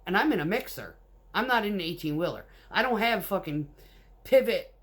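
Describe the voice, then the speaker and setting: A woman's voice: medium pitch, lively intonation, fairly quick, fairly bright tone, husky. A woman, a concrete mixer truck driver, telling work stories in a blunt, casual way full of swearing. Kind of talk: casual storytelling.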